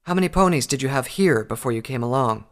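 A man's voice: medium pitch, expressive, quick pace, a bit bright, voice pushed up. A man voicing a cruel, hot-tempered female unicorn captain who hisses her threats in an audiobook. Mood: hissing. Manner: hissing, menacing. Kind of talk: audiobook character voice.

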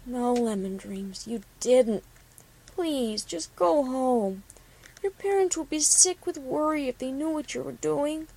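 Female narrator doing a worried young pony mare: high, pleading, storybook. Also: moderate pace, darkish tone, natural voice.

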